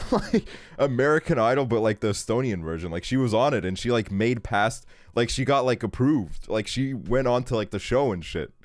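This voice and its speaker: A man's voice: mid-range voice, animated, normal speed, dry recording. A young man streaming a game, telling a casual story in a rambling way, full of fillers and swearing. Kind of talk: casual storytelling while gaming.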